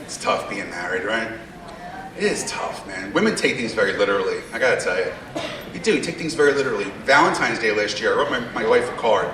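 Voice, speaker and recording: A male comedian with a fairly low voice, big pitch swings and a quick pace brashly teases a live theater audience with asides during his stand-up routine. The recording is echoey and distant, with audience laughter.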